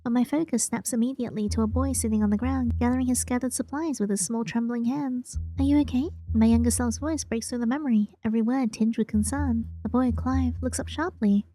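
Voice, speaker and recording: A woman reading a story game aloud in first person, expressive and reacting to it. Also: a little high, fairly quick, hardly any pauses, rough recording.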